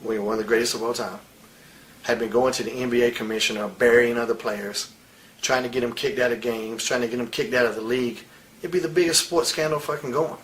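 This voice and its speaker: A man's voice: mid-range voice, fairly even intonation, brisk, fairly bright tone, low-quality recording. A man in his forties in a candid interview, telling stories bluntly, with a lot of swearing and real heat. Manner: blunt, profane, heated storytelling. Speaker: interviewee, wrestler.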